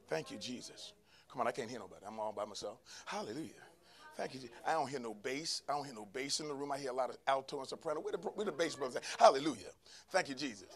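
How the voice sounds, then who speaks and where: A man preaching a sermon to a church congregation, calling for responses from the crowd and rising to shouts. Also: mid-range voice. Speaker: pastor. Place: church sanctuary.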